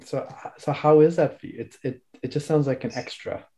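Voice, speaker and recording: A man's voice: on the high side, brisk, dark tone. A man hosting a casual interview, asking rambling, thoughtful questions.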